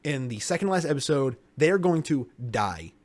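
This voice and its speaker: Excitable young man pitching ideas. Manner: excitable, swears freely, acts out scenes in quick impressions. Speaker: podcast co-host. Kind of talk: casual chat.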